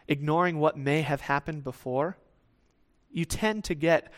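A man with a high-pitched voice preaches a sermon. He talks in a conversational way and slips into quoted voices as he goes. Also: smooth.

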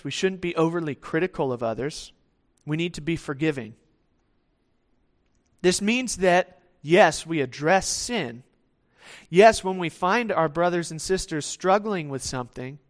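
A man preaching a sermon in a conversational way, acting out the voices of people he quotes. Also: on the high side.

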